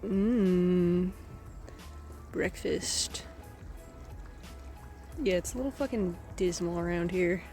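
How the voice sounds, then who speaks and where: A woman's voice: on the low side, darkish tone. Breathless rambling young-sounding woman vlogger. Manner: rambling, self-deprecating, swears casually. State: often out of breath. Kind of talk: casual vlog chat. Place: at home crafting, later outdoors on a walk.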